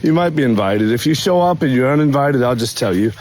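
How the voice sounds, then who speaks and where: A man's voice: expressive, fast talker, darkish tone, a little hiss or hum. Hyped-up man filming his own vlog. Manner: pumped-up, hype, jumpy pitch. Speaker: fitness influencer. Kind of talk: hype self-filmed vlog.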